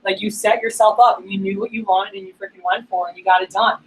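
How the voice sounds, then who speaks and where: A woman speaking at a staff meeting, telling a motivational story in a casual, animated, slangy way with lots of fillers. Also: mid-range voice, fast, poor audio. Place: meeting room.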